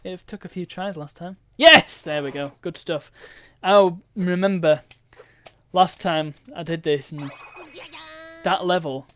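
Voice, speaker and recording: A man's voice: on the high side, unhurried. A man giving chatty, self-mocking commentary while streaming a game.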